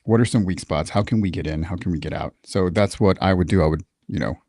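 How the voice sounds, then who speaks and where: A low-voiced, quick-talking middle-aged Texan is recorded dry at studio quality. A military veteran guesting on a podcast, he tells stories in a casual interview with candor, profanity, animation and many restarts.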